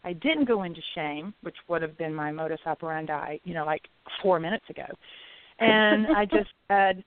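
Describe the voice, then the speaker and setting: A woman chatting casually about spiritual experiences, animated and laughing often as she acts out her own inner dialogue. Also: lowish voice, moderate pace, no room sound. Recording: tinny phone-line sound.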